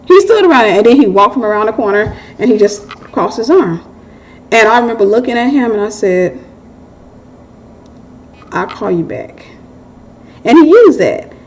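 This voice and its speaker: A middle-aged woman talks through a Christian relationship Q&A in an open, conversational way. She shares her own story with candor and keeps cracking jokes at her own expense. Her voice sits at an ordinary pitch for a woman. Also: muffled recording, slight background noise. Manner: candid, joking, laughs at herself. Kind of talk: casual testimony and advice.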